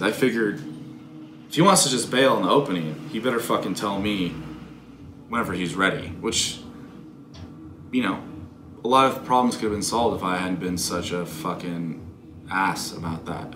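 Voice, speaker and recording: Casual profane storyteller, man in his 20s, deep voice, roomy noisy recording. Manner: profane, candid, self-critical. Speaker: vlogger telling a story. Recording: echoey room with background noise.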